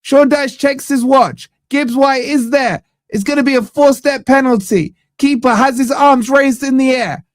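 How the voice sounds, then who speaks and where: A man's voice: very high-pitched, a little slow, few pauses, dry recording. A man hosting a fan channel, giving live watch-along commentary on a match from a studio, ranting in exasperation and tagging "man" onto nearly every line.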